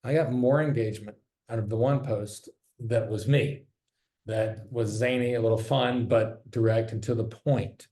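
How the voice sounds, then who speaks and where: A man's voice: mid-range voice, steady tone, normal speed, dark tone. A man who sells real estate, giving a casual, candid talk from his office, joking and swearing freely. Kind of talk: casual presentation. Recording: roomy echo.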